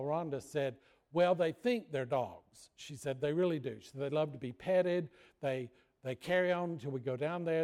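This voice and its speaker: A man's voice: on the high side, darkish tone. A man preaching a sermon, telling folksy stories and joking with the congregation. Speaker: pastor. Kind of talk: sermon with storytelling.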